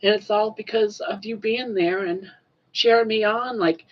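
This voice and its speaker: A woman's voice: medium pitch, normal speed, muffled recording. An older woman crying on a casual livestream, tearful and grateful as she thanks her viewers. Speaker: crochet livestreamer.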